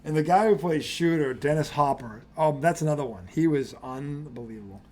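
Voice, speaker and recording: A man in casual podcast chat, swearing freely and excitedly retelling movie scenes. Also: on the high side, a little fast. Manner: animated storyteller who swears a lot and acts out scenes. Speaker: podcast co-host.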